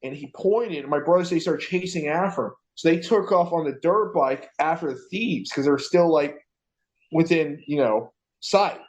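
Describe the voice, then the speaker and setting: A podcast co-host with a somewhat high voice and moderate pace tells a story in casual chat. He's a profane, animated storyteller, swearing often and acting out the voices of the people involved.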